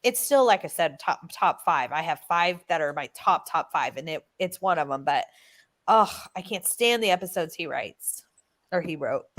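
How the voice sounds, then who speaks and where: A woman's voice: sits low, expressive, moderate pace, a bit bright. Chatty woman on a reading stream. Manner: chatty, enthusiastic about old TV shows. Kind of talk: casual chat.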